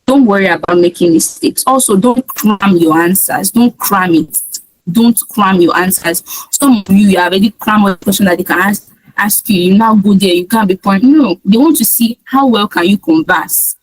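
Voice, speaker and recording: A woman's voice: medium pitch, normal speed, dry recording, low-quality recording. A woman from Nigeria with a Nigerian accent, teaching an IELTS speaking lesson in an emphatic way and acting out sample answers. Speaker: IELTS tutor. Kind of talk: speaking-test coaching lesson.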